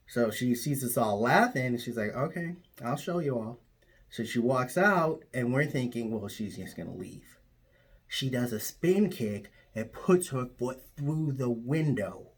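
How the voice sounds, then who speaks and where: Deadpan man telling a tall tale. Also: mid-range voice, slightly rough. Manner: absurd tall tale told matter-of-factly. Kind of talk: deadpan comic storytelling.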